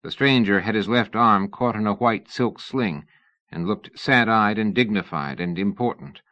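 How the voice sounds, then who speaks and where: A man narrating a novel in a measured storytelling manner. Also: on the low side, bright, forceful tone, muffled recording. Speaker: audiobook narrator. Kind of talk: scripted narration.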